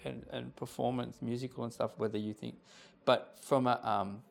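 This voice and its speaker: Creaky-voiced man hosting. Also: medium pitch, flat delivery. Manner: halting, reflective, restarts often. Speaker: podcast host. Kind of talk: casual chat.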